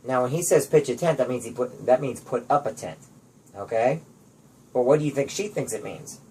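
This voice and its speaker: A father reading a picture book aloud at home and softly explaining it to his daughter. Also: medium pitch, normal speed, a little hiss or hum, poor audio. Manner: soft, explaining asides to a child.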